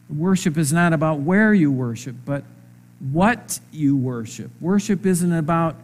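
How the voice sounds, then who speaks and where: A man preaching a sermon in a conversational way, asking his listeners rhetorical questions and stressing words slowly. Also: fairly high pitch, animated. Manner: slow, emphatic phrasing.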